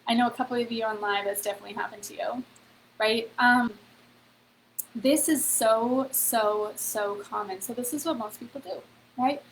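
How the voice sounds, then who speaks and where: Woman host, slightly higher voice, easygoing live-stream motivational chat with a faint hum behind. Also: fairly even intonation, moderate pace, low-quality recording. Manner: chatty, heavy on "like" and "okay?", addresses viewers directly. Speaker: host of a free online event.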